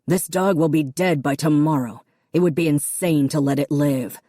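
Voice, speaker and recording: A woman's voice: low voice, normal speed, warm tone, no room sound, clean studio sound. A woman reading the part of a stern, wealthy middle-aged father who talks in curt, dismissive snaps in an audiobook. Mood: harsh.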